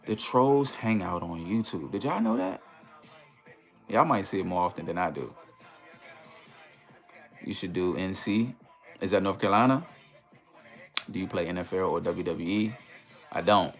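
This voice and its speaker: A man hosting a casual livestream in a relaxed, easygoing way, reading viewer comments aloud and greeting them. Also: sits low, normal speed, long pauses, faint music behind. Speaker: livestream host.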